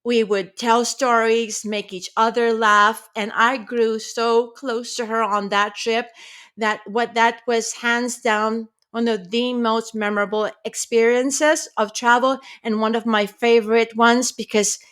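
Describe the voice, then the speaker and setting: A middle-aged woman, a pediatrician and podcast guest, telling a family story in an animated, expressive way. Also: fairly high pitch, measured pace.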